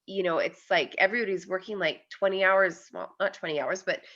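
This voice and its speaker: Bright-voiced woman hosting a podcast. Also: on the low side, fairly quick. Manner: rambling, lots of "you know" fillers. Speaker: podcast host. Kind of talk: casual interview chat. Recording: dull lo-fi audio.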